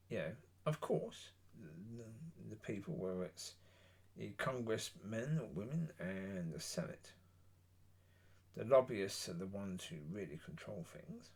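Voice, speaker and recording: A man giving a blunt, opinionated solo monologue, rambling with pauses. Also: fairly low pitch, lively intonation, a little mellow, slightly rough. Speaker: political commentator.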